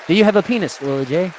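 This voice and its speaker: A man's voice: high-pitched, darkish tone, slight background noise. Teasing young man on a podcast. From United States. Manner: crude, teasing, laughs often. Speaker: podcast host. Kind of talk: casual chat reading live chat.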